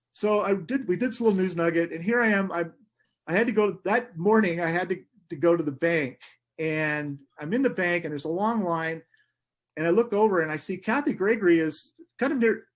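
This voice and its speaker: Middle-aged man, raised pitch for a male voice, lively anecdotes, laughs between lines, podcast guest. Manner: animated anecdotes, frequent laughs, many restarts. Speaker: sports writer guest. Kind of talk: podcast interview storytelling.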